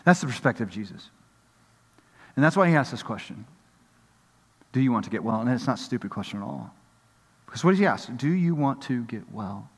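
A man's voice: medium pitch, expressive, fairly quick, creaky, long pauses, husky, in a large hall. A man preaching a sermon as pastor, acting out the voices of people in the story.

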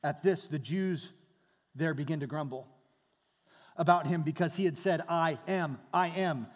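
Male pastor, fairly high voice, dynamic sermon delivery, long hall echo. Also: unhurried. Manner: dynamic preaching, dropping to hushed tones then rising loud.

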